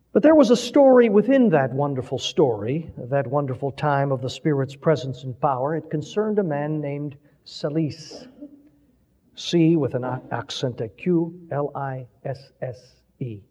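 Dramatic preacher in an echoing hall. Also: male voice, mid-range voice, warm tone. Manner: dramatic, swelling and dropping delivery. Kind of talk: sermon storytelling. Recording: dull recording with long hall reverb.

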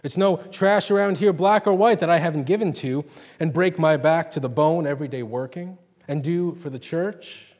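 A man voicing a proud, furious churchgoing farm wife who rails loudly at the heavens. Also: a little high, moderate pace, in a large hall, lightly acted. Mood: furious railing. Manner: railing, raised and fierce.

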